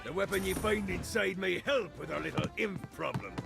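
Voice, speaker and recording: An actor playing a boastful male pirate captain with a hammy, growling pirate accent and a gravelly voice, in game audio. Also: sits high, expressive, moderate pace, heavily acted. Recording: game audio with loud music.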